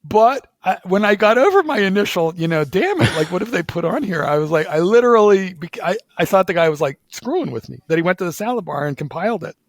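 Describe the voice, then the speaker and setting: A man from Philadelphia chatting casually in an interview, telling a lively story full of repeated "like"s and restarts. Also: high voice, fast talker, few pauses, no room sound. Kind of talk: casual conversation.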